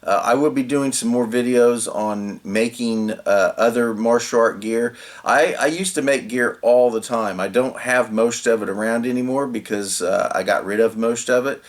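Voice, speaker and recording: A man's voice: medium pitch, normal speed, few pauses. A man, the host, casually talking through a homemade gear project as he works, rambling with filler words and restarts. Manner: relaxed, rambling, lots of "uh" and restarts. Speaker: channel host. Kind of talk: casual DIY tutorial narration.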